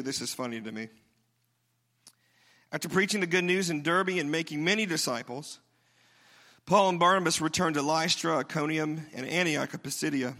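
A middle-aged man preaching a sermon as a pastor, conversational and energetic, with humorous asides. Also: on the high side. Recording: long hall reverb.

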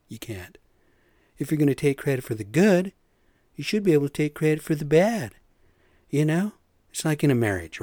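A man's voice: mid-range voice, a little mellow, no room sound. Man, casual podcast rant, mid-range voice, dry close recording, keeps saying "you know". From US Pacific Northwest. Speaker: podcast host; construction superintendent.

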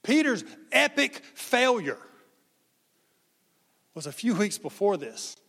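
A pastor delivers a sermon in a conversational, animated way, acting out the people in his story and their quotes. His voice sits high, slow and creaky, with a big-room sound.

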